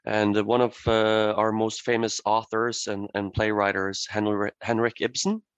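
A man's voice: fairly low pitch, level tone, moderate pace, clean tone, no echo. A man from Norway with a Norwegian accent, a native Norwegian speaker, answering interview questions hesitantly with many "uh" fillers. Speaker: brewery representative, guest.

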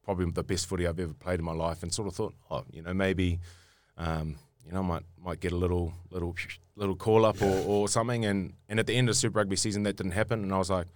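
A man's voice: low voice, steady tone, fast talker, few pauses, no echo. A young New Zealand man, a rugby player being interviewed, telling a story in a rambling way with many restarts. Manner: rambling, repeats and restarts words often.

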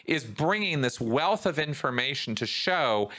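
Animated, bright-voiced male podcast host. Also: unhurried. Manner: animated, rises in pitch when worked up. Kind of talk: casual conversation.

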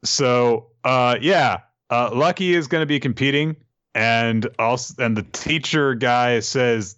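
A man's voice: medium pitch, takes it slowly, a bit bright, smooth, no echo, lo-fi sound. A man co-hosting a podcast, chatting casually about a manga with a dry, filler-heavy delivery. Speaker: podcast co-host. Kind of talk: casual chat recapping a manga.

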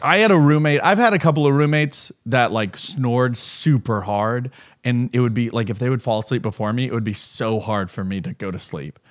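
Male podcast host and comic, mid-pitched, rambling and self-deprecating, lots of likes and restarts, slips into silly voices. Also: normal speed. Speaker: podcast host and stand-up comedian. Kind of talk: casual comedic monologue.

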